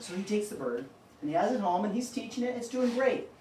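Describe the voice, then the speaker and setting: A man's voice: high-pitched, quick pace, a little hiss or hum. Chatty man telling a joke, roomy and far. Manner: animated storyteller, chatty and upbeat. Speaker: cooking show host. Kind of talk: live cooking stream chat and joke telling. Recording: roomy kitchen sound from a distance.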